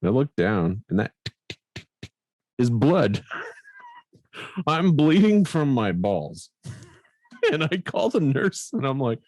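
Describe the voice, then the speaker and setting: A man from Canada co-hosting a podcast, telling a story in a casual, animated way and laughing often. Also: medium pitch, takes it slowly, long pauses, no echo. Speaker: podcast co-host.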